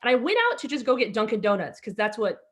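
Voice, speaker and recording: A woman's voice: on the high side, expressive, fast, fairly bright tone. Chatty Egypt-born woman comedy host. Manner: chatty, rambling, many fillers and restarts. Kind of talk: stand-up storytelling between acts. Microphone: video call.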